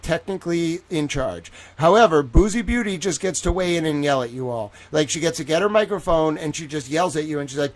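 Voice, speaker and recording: A man from Boston with a Boston accent, hosting a casual livestream chat in an excitable, rambling way, swearing freely. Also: fairly high pitch. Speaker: livestream host.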